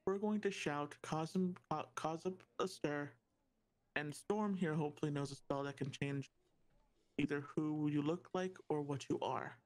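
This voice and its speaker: Player at the table, calm and plain-spoken, mid-pitched voice. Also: unhurried. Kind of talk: playing a tabletop game.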